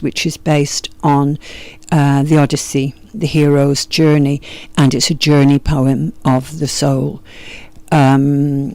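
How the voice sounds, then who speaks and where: A woman with a Yorkshire accent, a yoga teacher giving a gentle, meandering spiritual teaching talk. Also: low-pitched, dry recording.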